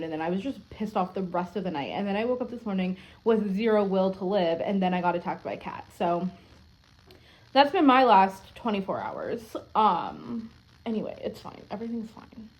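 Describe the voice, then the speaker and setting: A young adult woman vlogging at home, telling a story in a rambling, animated way, full of filler words and frequent swearing. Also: medium pitch, moderate pace. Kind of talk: casual storytelling to camera.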